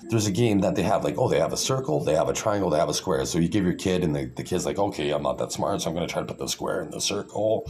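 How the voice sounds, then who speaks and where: Low, gravelly man ranting to camera, sarcastic and condescending, swings his pitch widely. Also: darkish tone. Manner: sarcastic, condescending, full of fillers and restarts. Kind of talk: rambling monologue.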